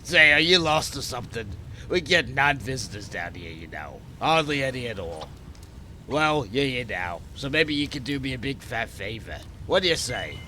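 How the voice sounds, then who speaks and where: A man's voice: mid-range voice, very animated, normal speed, sharp tone, a little hiss or hum, pitched below the performer's own voice. A man voicing a smoky-voiced underground creature who coaxes and pleads for help with a put-on, vaguely French accent. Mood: coaxing. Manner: coaxing, wheedling, calls the listener pet names.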